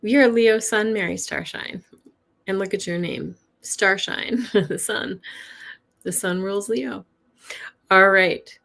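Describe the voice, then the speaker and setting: A woman's voice: mid-range voice, slow, vocal fry, pauses often, a bit bright. A woman hosting a live-streamed weekly tarot reading from home, chatting casually, laughing often and greeting viewers by name. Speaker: tarot reader. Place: home with a cat nearby.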